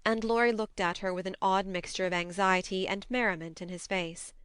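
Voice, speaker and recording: Woman reading a classic novel aloud, smooth clear voice, dry close mic. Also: mid-range voice, no room sound. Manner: measured, expressive reading. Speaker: audiobook narrator. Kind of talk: scripted narration.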